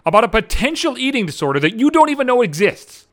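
A man's voice: high voice, very animated, fairly quick, hardly any pauses, a bit bright. A man in his thirties hosting a podcast, telling a rambling story with heavy swearing and exasperated rants. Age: 30s. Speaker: podcast host. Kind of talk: profane storytelling monologue.

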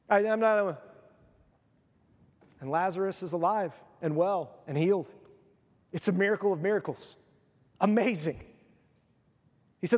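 A male pastor preaching a sermon, telling the story with animated, acted-out voices. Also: high-pitched, brisk, long pauses, long reverb tail.

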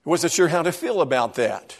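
A male pastor delivers a sermon in church with a rather high voice. He speaks with earnest emphasis and returns to key phrases to press his point. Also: sing-song, a little fast.

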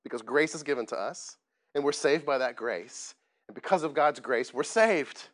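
A man's voice: mid-range voice, normal speed. A man preaching a sermon as pastor, plain-spoken and self-deprecating, often asking the congregation questions. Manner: conversational, asks the congregation questions.

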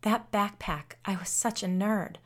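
A woman's voice: mid-range voice, steady tone, lightly acted. Woman doing a friendly nervous lady who makes quips, audiobook. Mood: chatty. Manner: friendly, self-deprecating, quick quips. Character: nervous grown woman haunted since childhood.

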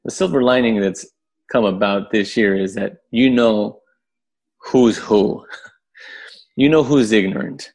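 A man, a podcast guest who tells a story in a casual, animated way, swearing freely and acting out the voices of the people in it. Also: fairly low pitch, a little slow, pauses often. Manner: animated, profane, acts out voices in his story.

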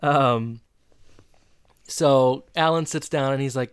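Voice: mid-range voice, slow, long pauses, clear, resonant tone, dry recording, clean studio sound. A podcast co-host casually retelling a TV episode, rambling through it and acting out the lines. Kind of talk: casual chat recapping an episode.

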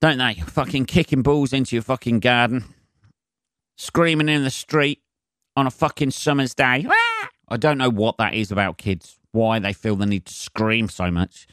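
A man's voice: medium pitch, fairly even intonation, moderate pace, fairly bright tone, no echo, studio quality. A man hosting a solo comedy podcast, ranting in a sweary, sarcastic and rambling way. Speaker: podcast host.

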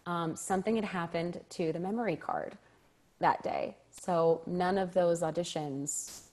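Animated woman telling a story, laughing often. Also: fairly low pitch, unhurried. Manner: animated, laughs often, acts out quoted lines. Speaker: actor, guest. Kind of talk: storytelling in an interview.

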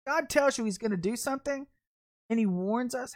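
A woman's voice: on the high side, brisk. A woman giving a casual podcast sermon, telling stories with laughter and acting out quoted voices. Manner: animated storytelling with laughter and acted quotes. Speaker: podcast preacher.

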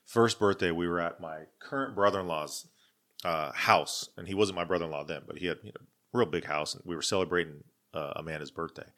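A man's voice: deep voice, fairly quick, a bit bright. A man in his forties, co-hosting a podcast, telling a story in casual chat, acting out the voices in what people said and swearing freely. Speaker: podcast co-host.

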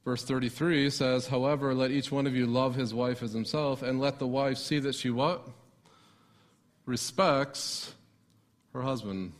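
A man's voice: mid-range voice, steady tone, unhurried. A man preaching a sermon as a pastor, asking the congregation rhetorical questions.

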